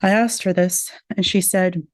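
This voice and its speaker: A woman's voice: lowish voice, steady tone, unhurried, no echo. Earnest woman retelling a moving story. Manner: earnest, drops Arabic religious phrases. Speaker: speaker retelling a survivor's story.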